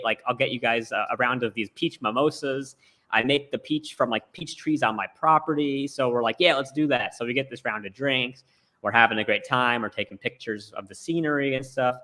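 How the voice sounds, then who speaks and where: Fast, bright-voiced man telling a story. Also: medium pitch. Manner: rambling storytelling full of "like" fillers. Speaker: storyteller on a talk show. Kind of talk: casual chat. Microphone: remote video call.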